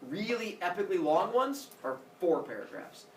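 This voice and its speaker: A man teaching a class, mixing a lecture with comic storytelling, acting out voices and sound effects in an animated, jokey way. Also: high-pitched, moderate pace. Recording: roomy echo, mic far off, faint room noise.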